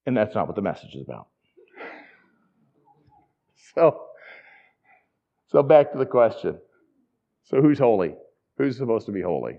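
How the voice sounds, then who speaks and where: A man's voice: on the low side, big pitch swings, unhurried, long pauses, highs cut off. A man preaching a sermon in a conversational, enthusiastic teaching manner with asides. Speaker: pastor.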